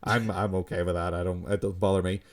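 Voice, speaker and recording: A man's voice: sits low, flat delivery, fast talker, noisy background. Frank, opinionated man co-hosting a podcast. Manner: frank and opinionated, casually swears. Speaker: podcast co-host. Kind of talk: casual film discussion.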